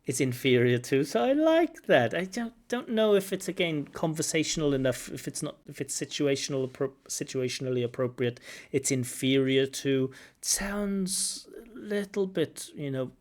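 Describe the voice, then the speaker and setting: A man giving IELTS feedback talks through a recorded speaking test, musing aloud and echoing words to show how they should sound. His fairly high voice has a sing-song lilt and a little mellowness, moving at normal speed with hardly any pauses.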